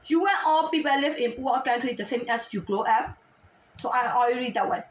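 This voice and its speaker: A woman delivering an agitated, scolding monologue in halting non-native English, firing off repeated rhetorical questions. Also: fairly high pitch, lively intonation. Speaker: vlogger. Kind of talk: ranting monologue to camera. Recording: roomy sound from a distant mic.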